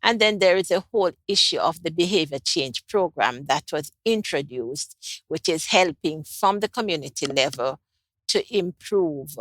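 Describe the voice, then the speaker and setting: Low-voiced woman explaining carefully. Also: lively intonation, fairly bright tone, no echo. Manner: measured, with frequent ums and restarts. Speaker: climate project lead interviewee. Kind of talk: unscripted interview answers.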